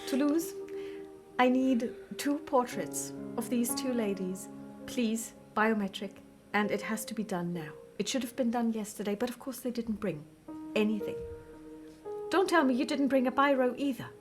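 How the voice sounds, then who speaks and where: A woman's voice: a little high, moderate pace, over music, natural voice. A woman voicing a fussy, harried bureaucrat princess who talks in an officious, snippy way. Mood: brusque.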